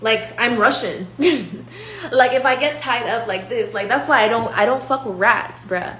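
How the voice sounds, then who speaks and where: Young woman ranting through a tarot reading, swears a lot, picks fights, echoey room with a low hum. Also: a little slow, a bit bright. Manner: profane and confrontational, rambling. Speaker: tarot reader. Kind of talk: casual tarot reading rant.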